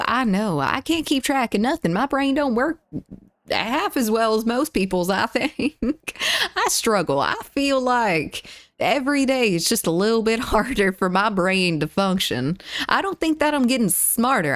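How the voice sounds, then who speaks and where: Giggling as she reads chat out loud and welcomes her viewers, a female livestreamer with a Southern US accent from the Deep South chats casually. The sound is studio quality with no room sound.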